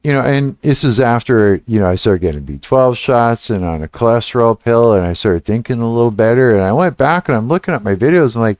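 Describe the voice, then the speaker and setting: Rambling, profane middle-aged streamer. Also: male voice, lively intonation, a little fast, few pauses, darkish tone, no echo. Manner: rambling and profane, trailing off and restarting; laughs and rises in pitch when retelling anger. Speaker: livestreamer. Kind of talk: casual livestream chat, answering chat.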